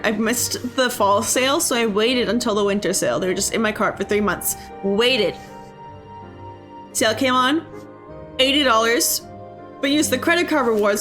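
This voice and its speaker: A woman streams a game and chats casually, rambling and poking fun at herself. Her voice sits a bit high, and quiet music plays underneath. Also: normal speed. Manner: chatty, self-mocking, rambling. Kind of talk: casual chat while gaming.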